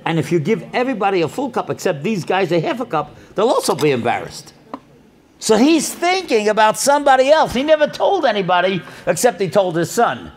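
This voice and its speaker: An older man giving a storytelling talk at a religious event, acting out the people in his stories as he goes. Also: fairly high pitch. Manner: animated storyteller who acts out dialogue.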